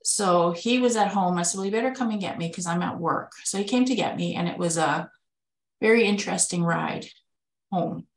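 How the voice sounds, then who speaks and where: A woman's voice: fairly low pitch, moderate pace, reverberant, rough recording. A woman telling a candid personal story in a conversational way, acting out the dialogue she quotes. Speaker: spouse of a kidney patient, webinar speaker.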